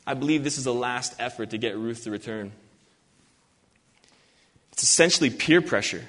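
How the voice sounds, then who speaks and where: A man's voice: mid-range voice, fairly bright tone. Man preaching in a reverberant hall. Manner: earnest, emphatic, reads scripture slowly. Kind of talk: expository sermon.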